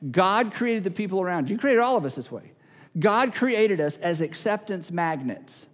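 A high-pitched man preaches in a large church hall, and his words ring out with a long reverb. He drives his points home by repeating key phrases. Now and then he slips into small acted-out scenes. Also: animated, normal speed. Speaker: pastor. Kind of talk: sermon.

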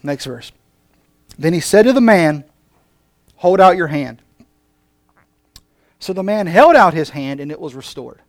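A male pastor preaching a passionate sermon, moving between emphatic lines and quiet ones. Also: a little high, big pitch swings, moderate pace, dry recording, clean studio sound.

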